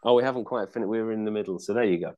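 A man with a slightly low voice talks through an album track by track in casual podcast chat. He wanders, hedges and restarts his sentences, filling gaps with ums and likes. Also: very fast, dark tone, muffled recording. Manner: chatty, hesitant, many fillers and restarts. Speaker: podcast co-host reviewing an album.

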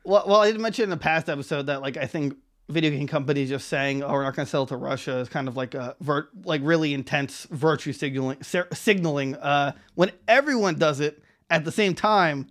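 A man's voice: a little high, a little fast, fairly bright tone. Rambling man on a casual podcast. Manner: rambling, many restarts and laughs. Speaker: podcast co-host.

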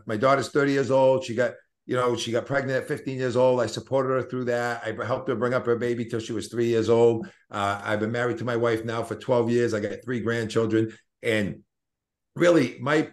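This is a man in his fifties with a Boston accent, speaking at a middle pitch. He talks earnestly and motivationally as an interview guest. His storytelling rambles and circles back with many restarts. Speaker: network marketing guest.

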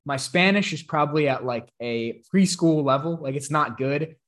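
A man's voice: a little high, moderate pace, fairly bright tone. A man from Chicago hosting a podcast, talking in an easygoing, chatty way. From Chicago, United States. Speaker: podcast host. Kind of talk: casual podcast chat.

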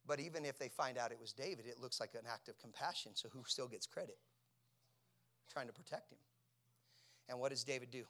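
Guy preaching a sermon, bright edgy voice, goes from hushed to yelling, keeps asking the crowd stuff. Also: mid-range voice, a little fast, long pauses. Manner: swings from hushed near-whispers to loud shouting; asks the congregation questions.

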